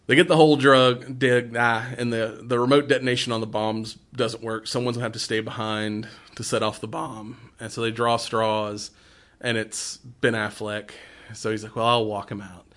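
A man's voice: mid-range voice, level tone, moderate pace, fairly bright tone. A man in casual conversation, animatedly retelling movie scenes, acting out quotes and laughing often.

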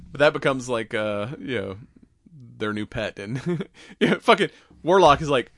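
A man's voice: mid-range voice, big pitch swings, takes it slowly, pauses often, no room sound. A young man hosts a casual podcast and rambles through plot recaps, cursing freely and acting out the characters' lines. His voice sits in a middling range. The recording is close and dry. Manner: rambling recaps full of swearing and acted-out quotes. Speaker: podcast host. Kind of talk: casual chat.

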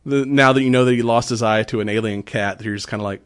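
A man's voice: on the low side, fairly even intonation, quick pace. Laughing, swearing man recapping a movie. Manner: laughs often, swears, retells scenes in quoted voices. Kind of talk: casual movie recap chat.

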